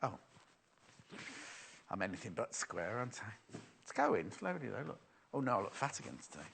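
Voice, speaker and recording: A man's voice: fairly low pitch, sing-song, moderate pace, gravelly, fairly bright tone, a little hiss or hum. A man hosting a live shopping show, chatty and self-mocking, often giggling at his own jokes. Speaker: shopping channel presenter. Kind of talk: live TV sales chat.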